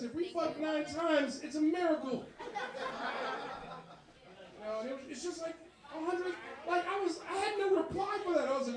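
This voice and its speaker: High-voiced profane comedian. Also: male voice, roomy sound, distant mic, crowd noise, rough recording. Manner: profane, animated, quickly switching voices. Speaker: stand-up comedian. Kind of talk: stand-up set. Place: bar comedy show.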